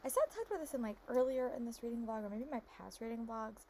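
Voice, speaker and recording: A young woman talking casually in a reading vlog, gushing and repeating herself, her voice hoarse and congested. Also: fairly high pitch, fast, darkish tone, slight background noise. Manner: gushing, lots of "like" and repeated "really". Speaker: book vlogger.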